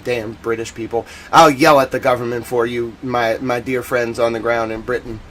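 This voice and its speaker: A chatty American man rambles through his live-stream commentary in a voice of ordinary pitch. His talk is loose and full of slang, and now and then it flares into loud indignation. A faint hum sits behind him. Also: completely flat delivery, normal speed. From United States.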